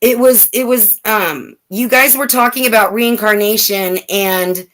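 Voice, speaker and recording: A chatty woman tells personal stories at an easy, conversational pace. She talks around her points with plenty of fillers and restarts. Her voice sits at a middle pitch. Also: a little slow, a bit bright. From California, USA. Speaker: guest. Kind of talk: casual storytelling chat.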